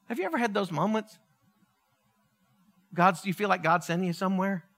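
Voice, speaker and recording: A man preaching a sermon, telling the story in an animated, joking way. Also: sits high, fairly quick, pauses often. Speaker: pastor. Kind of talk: humorous sermon.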